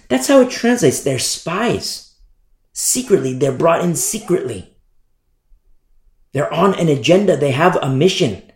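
A man's voice: fairly high pitch, a little mellow, reverberant. A man preaching a sermon in an emphatic way, repeating phrases and often asking "you see?".

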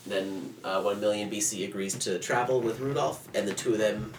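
Lively man in an echoey room. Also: fairly low pitch, normal speed. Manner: animated, swearing, laughing, acting out characters. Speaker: podcast co-host. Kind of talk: casual chat recapping a movie. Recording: roomy echo, distant mic, faint background noise.

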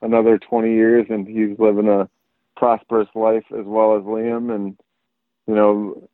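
A man's voice: fairly low pitch, a little slow, dry recording. A man, chatting on a podcast and animatedly telling stories while acting out the quotes. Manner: animated storyteller, acts out quotes. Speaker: podcast guest. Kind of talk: casual podcast chat. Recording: tinny phone-like line, dry.

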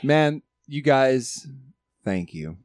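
A man's voice: mid-range voice, big pitch swings, very slow, darkish tone, dry recording. A man co-hosting a podcast, laid-back and jokey, thanking his guests. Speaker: podcast co-host. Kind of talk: casual podcast chat.

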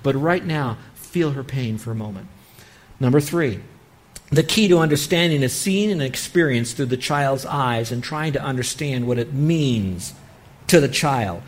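A pastor delivers a sermon on parenting in a medium-pitched voice with lively intonation, speaking a little slowly. He earnestly acts out what a parent might say, playing out parent-child dialogue.

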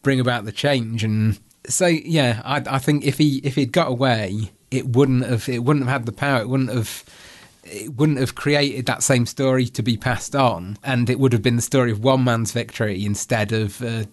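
A man's voice: mid-range voice, normal speed. A man co-hosting a film podcast, speaking in an earnest, thoughtful way. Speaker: podcast co-host. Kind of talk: casual chat.

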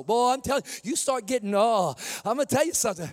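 A man preaching a sermon to his congregation as pastor, swinging from shouts to soft asides, calling listeners "honey" and laughing at his own jokes. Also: extremely high pitch, lively intonation, fast, hardly any pauses.

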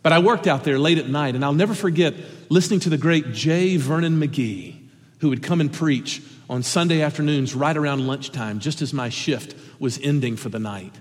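A middle-aged man preaching an earnest sermon as pastor, swinging between impassioned points and sudden hushed asides. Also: a little high, normal speed. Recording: long reverb of a large hall.

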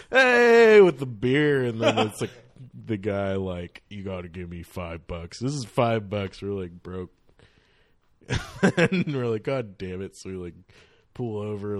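Laid-back low-voiced guy telling stories. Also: no room sound. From northern California. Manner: laid-back, laughing, slangy. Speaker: podcast guest, DJ. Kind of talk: casual storytelling chat.

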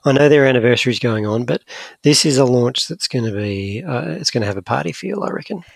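A man's voice: mid-range voice, animated, fairly quick, vocal fry, dry recording. A Scottish man co-hosting a podcast, chatting casually in a rambling, joking and self-deprecating way. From Scotland. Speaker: podcast co-host. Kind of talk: casual chat.

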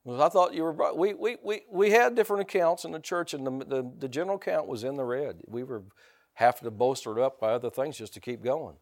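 In a mid-range voice and at a quick pace, a middle-aged male pastor preaches conversationally. He tends to repeat words, questions the congregation rhetorically, and breaks into loud bursts.

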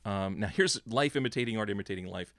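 A man co-hosting a podcast in casual chat, jokey and quick to banter. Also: fairly low pitch, creaky, fairly bright tone, no echo, clean studio sound. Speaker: podcast co-host.

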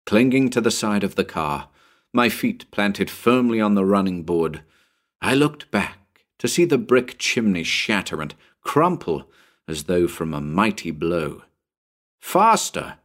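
Male narrator with a low voice, reading pulp fiction dramatically with lively pitch swings. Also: unhurried. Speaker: narrator and channel host.

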